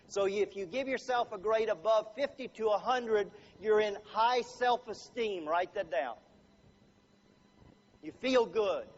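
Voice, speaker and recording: A middle-aged man giving a seminar talk to a live audience, animated and jokey, acting out little scenes. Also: high voice. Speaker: motivational speaker. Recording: dull lo-fi recording, faint ambience.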